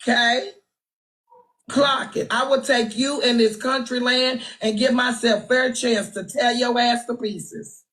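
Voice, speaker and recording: Hosting a phone livestream, a Texan-accented woman dishes out brash, sassy gossip, trash-talking and calling people out. Her voice is fairly high and fairly bright, her tone steady and her pace unhurried. The recording is rough.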